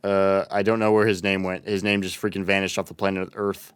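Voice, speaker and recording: A man's voice: low voice, level tone, a little fast, clean tone, no echo. A young man livestreaming a building game, chatting casually and reading out his chat. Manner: chatty, reads chat aloud and thanks followers. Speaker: streamer.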